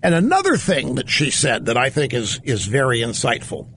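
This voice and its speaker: A man's voice: medium pitch, wildly swooping pitch, normal speed, a bit bright, a little hiss or hum. A man hosting a call-in radio talk show, emphatic and incredulous as he talks with callers. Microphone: studio microphone.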